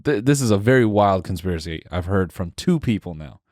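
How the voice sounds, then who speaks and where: A man's voice: low voice, expressive, a little fast, darkish tone, no echo, studio quality. A young man co-hosting a casual podcast, rambling and hesitant with many fillers as he works through an idea. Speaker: podcast co-host.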